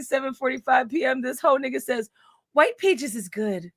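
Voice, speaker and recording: Woman commentator, high bright voice, dry close sound, crude and mocking, reads texts aloud between sudden loud jabs. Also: lively intonation, normal speed, no room sound. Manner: shifts from hushed asides to loud outbursts. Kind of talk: profane commentary reading out text messages.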